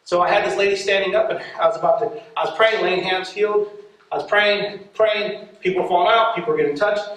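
High-voiced preacher man in echoey hall. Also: fast. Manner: lively, laughing often, acting out voices. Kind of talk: storytelling sermon. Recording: echoey hall, mic far off.

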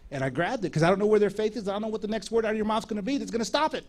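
A man preaching, telling a lively story and acting out the dialogue of the people in it. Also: sits high, very fast. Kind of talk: sermon storytelling.

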